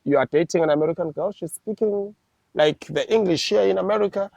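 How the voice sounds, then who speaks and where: South african host guy, bit higher voice, chatty and easygoing, dry room. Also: a little fast, creaky, darkish tone, dry recording. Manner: chatty, agreeable, frequent backchannels. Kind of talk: casual chat.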